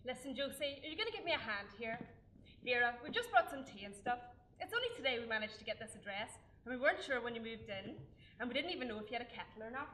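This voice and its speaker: An actress with a Northern Irish accent playing a cheeky, brash friend full of teasing banter. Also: female voice, fairly high pitch, expressive, fast talker, bright, forceful tone, a little hiss or hum. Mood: chatty. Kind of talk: stage play acting.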